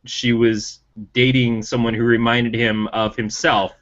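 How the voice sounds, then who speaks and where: A man's voice: little pitch movement, unhurried, fairly bright tone. Male co-host with firm TV opinions, emphatic delivery, slightly muffled recording. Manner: opinionated, ranting, rising emphatic pitch. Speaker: podcast co-host. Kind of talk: casual chat about TV. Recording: dull lo-fi sound.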